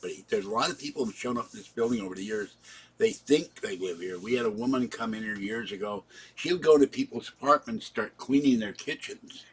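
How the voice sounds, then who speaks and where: A man's voice: lowish voice, fairly quick, breathy edge. A man telling a long, rambling personal story in a casual vlog, recounting events in the present tense. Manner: breaks off to talk softly to his cats. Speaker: vlogger.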